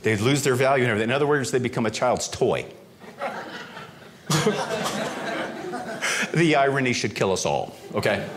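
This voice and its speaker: Man, stand-up comic, animated storyteller, noisy live stage. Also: medium pitch, normal speed, long pauses. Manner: animated, self-mocking, acts out voices. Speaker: stand-up comedian. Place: live stage before audience.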